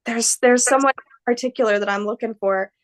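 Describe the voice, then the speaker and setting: A woman with a somewhat high voice talks as an actress guest in an interview. She rambles and gushes, searching for words with plenty of fillers. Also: fairly even intonation, fairly quick. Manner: rambling, filler-heavy, gushing and upbeat. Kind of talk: casual interview answers.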